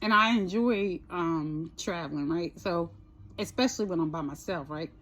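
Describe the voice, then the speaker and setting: A woman's voice: lowish voice, moderate pace, a bit bright. A woman vlogger casually telling a personal story, chatty, swearing a little and asking "right?" often.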